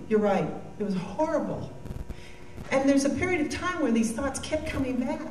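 A woman's voice: high-pitched, lively intonation, normal speed, a little hiss or hum. A woman giving a devotional talk, earnest and heartfelt, with joking asides. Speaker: Christian speaker. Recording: echoey room from a distance.

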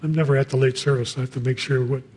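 A man's voice: medium pitch, fairly even intonation, racing, a little mellow, husky. A man preaching a sermon in a conversational way, reading scripture and adding casual asides.

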